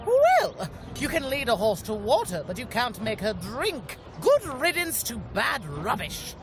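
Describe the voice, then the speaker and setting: A woman's voice: a little high, huge pitch swings, a little slow, music in the background, full character voice. A woman voicing a snobbish, condescending noble lady in a video game, lecturing primly on manners. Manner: prim, condescending, lecturing on etiquette.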